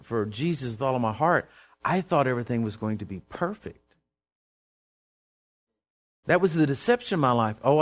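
Animated preacher man. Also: medium pitch. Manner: animated, acts out scenes with sudden loud outbursts. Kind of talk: sermon.

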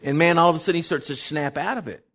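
An older man, telling a personal faith testimony in a rambling way, full of fillers, moving from hushed tones to shouted declarations. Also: on the high side, fast. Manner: emotional, swings from hushed to shouting. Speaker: testimony speaker.

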